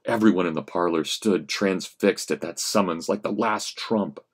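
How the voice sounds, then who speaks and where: Man reading a story with drama. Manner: expressive reading, rising for action and dropping low for menace. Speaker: history professor.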